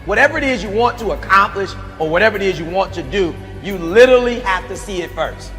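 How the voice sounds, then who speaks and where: A man preaching motivation, challenging his listeners and sometimes shouting. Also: high-pitched, lively intonation, fast, big-room sound, faint music behind. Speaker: motivational speaker. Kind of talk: motivational speech.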